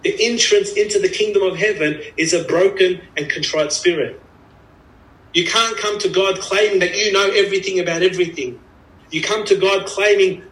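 A man's voice: high voice, normal speed, fairly bright tone. A man preaching an earnest, emphatic sermon, repeating phrases for stress. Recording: echoey room, voice from a distance.

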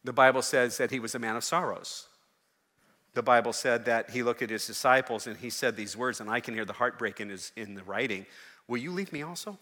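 A man preaching a sermon as a pastor, moving from chatty asides to loud, fervent exhortation. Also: medium pitch, fairly even intonation, fairly quick, in a large hall. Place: church.

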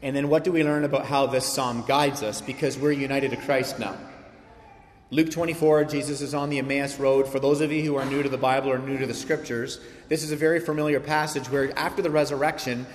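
A man's voice: mid-range voice, steady tone, fairly quick, a little hiss or hum. Earnest man preaching in a reverberant hall. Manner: earnest preaching, building to emphatic peaks, rhetorical questions. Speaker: pastor. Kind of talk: sermon.

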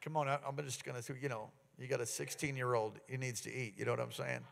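A man preaching a sermon, telling stories with an animated delivery that climbs into excited outbursts. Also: mid-range voice, quick pace, gravelly, big-room sound, slight background noise. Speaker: pastor.

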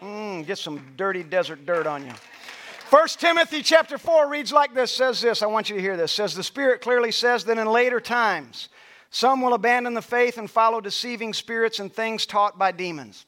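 A man pastor preaching a sermon, leading the congregation in call-and-response and at times shouting. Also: high voice, expressive, moderate pace. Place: church sanctuary.

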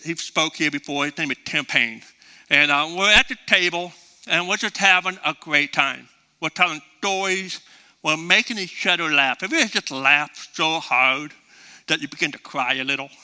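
A man preaching a sermon and telling a story in a folksy, animated way. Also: high voice. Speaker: pastor. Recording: reverberant hall.

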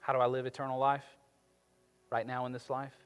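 A man preaching a sermon as pastor, with emphatic delivery that swings from quiet to loud. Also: mid-range voice, completely flat delivery, brisk, clean tone. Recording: reverberant hall with faint music.

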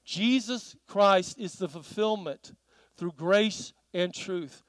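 A man's voice: high-pitched, takes it slowly, no room sound, poor audio. A man preaching a sermon in a church, telling stories and asking the congregation questions. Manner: animated storytelling with audience questions.

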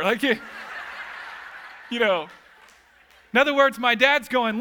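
A man's voice: very high-pitched, slow, long pauses, sharp tone. A man preaching a sermon as pastor, telling humorous stories with casual asides.

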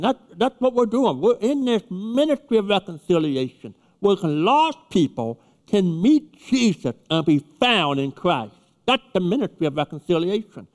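A man's voice: high-pitched, darkish tone. A man preaching a sermon to his church, emphatic and repeating his key words. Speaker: pastor. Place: church sanctuary. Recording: long reverb of a church hall.

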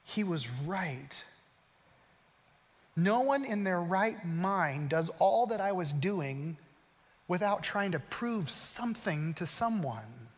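A man preaching a sermon as pastor, moving between quick, loud storytelling and slow, hushed emphasis. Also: high voice, expressive, big-room sound.

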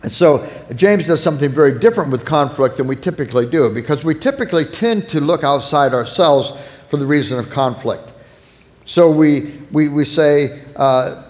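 A man's voice: fairly high pitch, animated, normal speed, darkish tone, big-room sound. A man preaching a sermon earnestly, illustrating his points with acted-out everyday anecdotes. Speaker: pastor.

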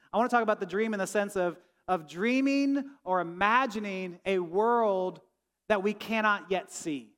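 High-voiced man preaching in an echoing hall. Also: a bit bright. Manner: conversational preaching, asks the room "right?". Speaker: pastor. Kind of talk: sermon. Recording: long reverb of a large hall.

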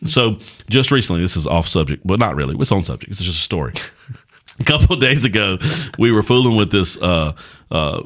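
A middle-aged man with a deep, low voice talks casually on a podcast. He tells folksy stories as a pastor and host, in a relaxed conversational way. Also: fairly quick.

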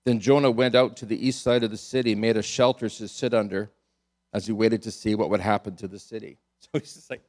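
A pastor preaches a sermon, telling the story in an animated, amused way, chuckling often and repeating words to drive his point home. His voice is lowish and fairly quick.

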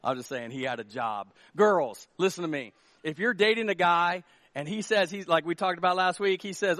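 Male pastor, high voice, dry close sound, comic, animated delivery, acts out scenes. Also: fairly quick, hardly any pauses, no echo. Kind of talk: sermon.

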